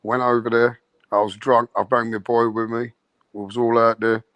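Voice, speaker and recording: A man's voice: medium pitch, little pitch movement, moderate pace, a bit bright, dry recording. A man hosting a late-night podcast, telling a crude, swaggering story with laughter. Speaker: host.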